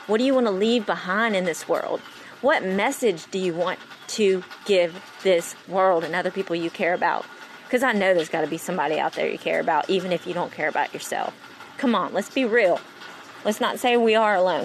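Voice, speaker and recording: Animated woman preaching on a podcast. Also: fairly low pitch, slight background noise, poor audio. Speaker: podcast host. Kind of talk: solo inspirational podcast monologue.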